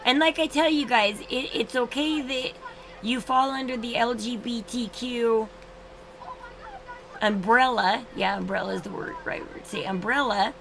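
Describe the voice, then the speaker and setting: Woman, thirties, livestream host, casual rambling talk, slightly high voice. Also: moderate pace, gravelly, a bit bright, slight background noise, rough recording. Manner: chatty, rambling with restarts.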